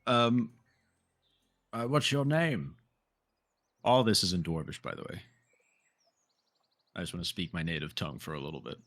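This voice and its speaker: A man's voice: deep voice, lively intonation, a little fast, long pauses, a bit bright, no echo. A man playing a tabletop game who chats eagerly, often laughs, and describes his character's actions. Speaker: player. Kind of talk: tabletop role-play chat.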